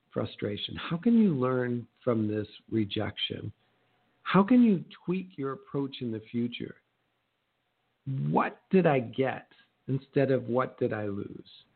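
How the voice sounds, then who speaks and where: A middle-aged man coaching real estate agents in a motivational talk, lively and acting out little exchanges in shifting voices. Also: mid-range voice, takes it slowly, breathy edge. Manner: animated, acts out quoted exchanges in changing voices. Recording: narrow phone-like sound.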